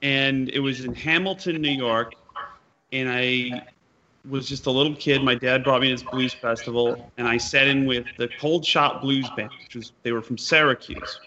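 A man's voice: mid-range voice, fairly even intonation, normal speed, bright, forceful tone. A man interviewing a fellow musician in a chatty way, using musician slang. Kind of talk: casual conversational interview. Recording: dull lo-fi sound with faint noise.

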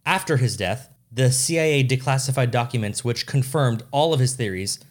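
A man's voice: medium pitch, moderate pace. A man hosting a podcast, telling stories in a casual, jokey way with some swearing, close to a studio microphone. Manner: wry, swearing, jokey storyteller. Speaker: podcast host. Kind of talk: casual storytelling chat.

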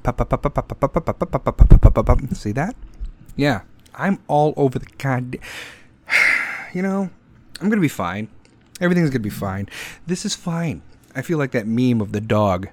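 A man's voice: medium pitch, sing-song, normal speed, pauses often, fairly bright tone, a little hiss or hum. A man hosting his own podcast, talking straight into the microphone in a casual, profane, rambling and sarcastic rant. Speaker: podcast host. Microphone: podcast microphone, pop filter.

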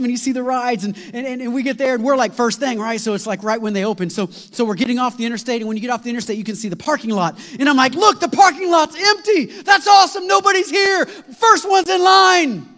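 A man preaching a sermon, telling a long story in an animated, rambling way with many fillers and restarts. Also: extremely high pitch. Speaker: pastor. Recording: long hall reverb.

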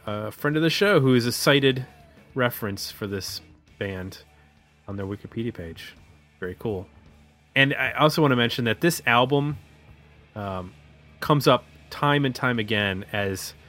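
A man's voice: lowish voice, a little slow, pushed and bright, faint music behind. A man co-hosting an album review podcast, chatting casually with some hesitant fillers. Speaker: podcast co-host.

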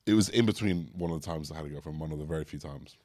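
A man's voice: extremely low pitch, racing, a little mellow, no echo, studio quality. A young man co-hosting a podcast, casually telling a self-mocking story and often dropping to a mumble. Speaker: podcast co-host. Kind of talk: casual chat.

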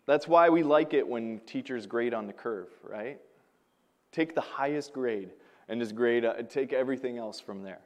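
A male pastor preaching a sermon, telling stories with animation and swinging between loud emphasis and quiet asides. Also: mid-range voice, normal speed.

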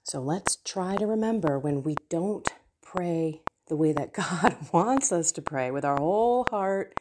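A middle-aged woman hosting a faith podcast, talking earnestly about her prayer life with personal stories and soft asides. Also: on the low side, animated, measured pace, background noise. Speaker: Catholic podcast host. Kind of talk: reflective faith talk.

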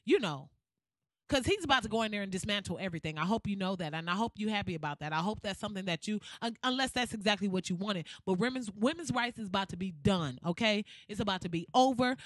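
A woman hosting a podcast who rants in a blunt, profane, sarcastic and animated way. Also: mid-range voice, fast talker, no room sound, studio quality. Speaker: podcast host. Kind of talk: podcast rant.

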